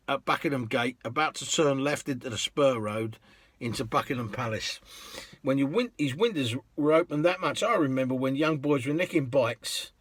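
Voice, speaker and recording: A man's voice: medium pitch, no echo. A man, a cab driver, chatting through funny anecdotes in a rambling way and chuckling at his own stories. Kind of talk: casual anecdote storytelling.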